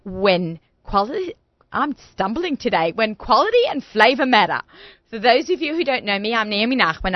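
A woman's voice: medium pitch, dry recording, dull audio. A woman hosting a radio talk show in a studio, chatty and bubbly, talking with lots of fillers.

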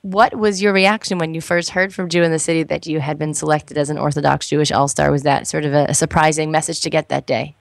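A woman's voice: low-pitched, steady tone, fast, creaky, few pauses, dry recording. A woman hosting an interview show, upbeat and chatty as she introduces guests and asks questions. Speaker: radio show host.

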